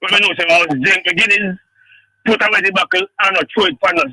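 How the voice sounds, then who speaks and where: Jamaican man, sports show host: high, very bright, fast, stammering, dry studio sound. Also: no echo, rough recording. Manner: excitable, stammering repeats, cuts in often. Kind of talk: heated studio debate.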